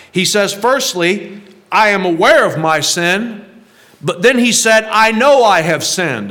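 A man's voice: on the high side, fairly bright tone. A man preaching a sermon to his congregation, talking in a conversational way with rhetorical questions and a chuckle now and then. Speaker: pastor.

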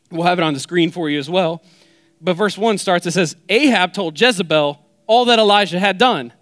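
A man's voice: on the high side, dry recording. A young adult man preaching a sermon in a conversational way, retelling scripture with playful asides. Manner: softens into a hushed prayer. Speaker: pastor.

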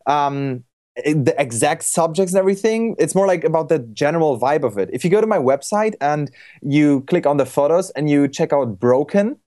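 A young man with a voice a bit above the usual male pitch, talking on a podcast. He rambles in a relaxed, casual way, stopping and restarting his sentences and leaning on fillers as he goes. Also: moderate pace. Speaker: podcast guest photographer.

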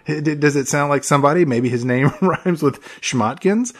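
A man co-hosting a casual movie-recap chat, laughing often and dropping into low mocking voices to mimic characters. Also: moderate pace. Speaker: podcast co-host.

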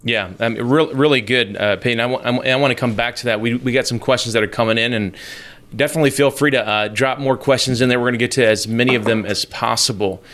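A man's voice: mid-range voice, fairly even intonation, quick pace, a bit bright. A man hosting a live question-and-answer session, who stammers and restarts as he moves to viewer questions. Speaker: host.

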